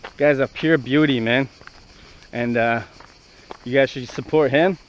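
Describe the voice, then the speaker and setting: A man's voice: medium pitch, steady tone, unhurried, muffled recording, a little hiss or hum. A young man from Canada vlogging casually outdoors at ancient ruins, rambling and swearing as he walks. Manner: brash, profane, rambling banter. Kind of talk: casual walking vlog.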